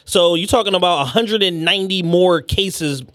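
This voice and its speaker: A man co-hosting a casual podcast, with a fairly high voice recorded dry and close. He jumps into the talk quickly and reads out numbers when the topic turns to statistics. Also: a bit bright, no echo. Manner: quick chiming-in, reads out stats. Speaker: podcast co-host. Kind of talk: casual chat.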